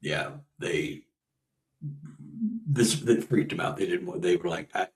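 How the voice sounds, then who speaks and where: A man in his sixties, a guest researcher and author, telling a personal story in a casual conversation, animated and laughing as he acts out what people said. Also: low-pitched, unhurried, vocal fry, echoey room, far from the mic, low-quality recording. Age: 60s.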